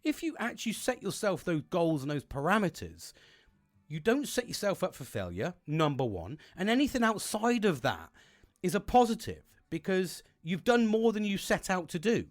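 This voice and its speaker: A man speaks to camera in a loose, rambling way, peppering every other line with swear words. His voice sits a little high for a man and jumps around a lot in pitch. He is recorded on his own plug-in mic. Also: wildly swooping pitch, normal speed. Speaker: self-help vlogger. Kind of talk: casual monologue to camera.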